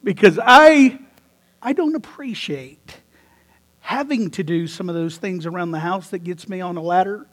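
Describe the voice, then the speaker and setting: A male pastor with a high voice preaches in church. He tells his stories with lots of energy, stumbles and restarts, and laughs along with the congregation. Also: moderate pace. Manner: animated storytelling with laughs and repeated restarts. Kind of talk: sermon.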